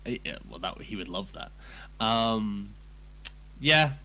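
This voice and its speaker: A man playing in a tabletop game, explaining his character with many pauses and apologies. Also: lowish voice, lively intonation, pushed and bright, rough recording. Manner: hesitant, full of ums and apologies. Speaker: player. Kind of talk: casual chat at a tabletop game.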